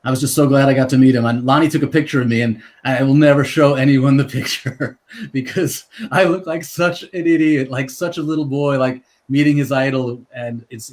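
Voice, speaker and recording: A man's voice: mid-range voice, darkish tone. Self-deprecating male biographer. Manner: modest, self-deprecating, joking. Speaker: guest, biographer. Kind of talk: conversational storytelling. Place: video call. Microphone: video call mic.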